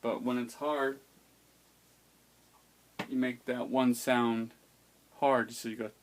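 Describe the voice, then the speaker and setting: Slow, patient man teaching pronunciation. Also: medium pitch, level tone. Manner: slow, patient, demonstrating sounds aloud. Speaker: language teacher. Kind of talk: explaining an alphabet's pronunciation.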